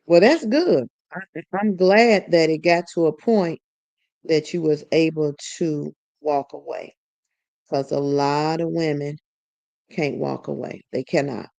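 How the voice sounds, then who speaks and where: A woman's voice: low voice, measured pace, vocal fry, dry recording. A woman hosting a live stream, telling a story in casual conversation and acting out the quoted dialogue. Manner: animated, acts out quoted dialogue.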